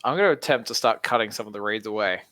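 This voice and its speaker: A man's voice: on the low side, very fast, pushed and bright, no echo. Man, tabletop player, playful chatty delivery, dry close recording. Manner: playful, laughing asides. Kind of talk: casual tabletop game play.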